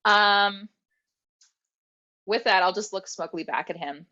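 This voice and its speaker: A woman's voice: medium pitch, slow pace, pushed and bright. A woman playing in a tabletop game, playful and joking, in a dull lo-fi recording. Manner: playful, laughing often. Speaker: player. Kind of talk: casual tabletop play.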